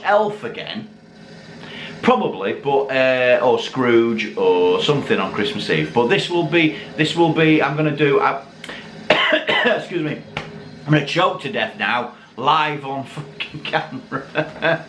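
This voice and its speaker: Brief: lower-pitched man, slightly drunk, rambling and swearing, lively swinging delivery, echoey room. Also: measured pace. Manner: rambling, swearing, self-mocking. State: tipsy from drinking. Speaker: YouTube channel host. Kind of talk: casual chat to camera. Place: dim room at home, lit by Christmas lights. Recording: echoey room with faint background noise.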